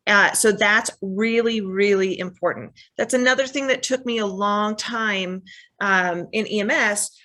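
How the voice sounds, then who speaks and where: A woman's voice: mid-range voice, sharp tone. Earnest woman EMS educator explaining. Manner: earnest and explanatory, with quick asides. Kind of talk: conversational webinar presentation.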